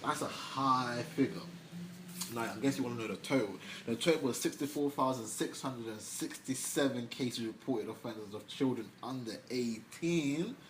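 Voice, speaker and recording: A young man hosting a news vlog, giving casual news commentary in a slangy, chatty way with offhand asides. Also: mid-range voice. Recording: echoey room, faint background noise.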